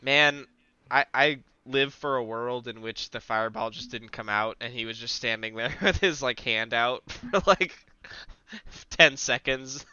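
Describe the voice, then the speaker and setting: A man's voice: mid-range voice, measured pace, sharp tone, smooth, no echo, muffled recording. A man co-hosting a casual podcast, rambling and wisecracking as he reacts, swearing freely. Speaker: podcast co-host. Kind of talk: casual chat watching wrestling.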